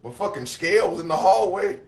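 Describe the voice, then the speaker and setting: A man chatting casually as co-host, telling a wild story full of profanity and animated retellings. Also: high voice, a little fast, reverberant. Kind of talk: casual chat.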